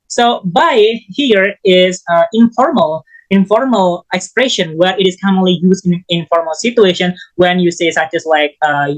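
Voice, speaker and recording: A man giving a recorded English lesson as a student teacher, halting and often restarting his phrases. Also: high voice, low-quality recording.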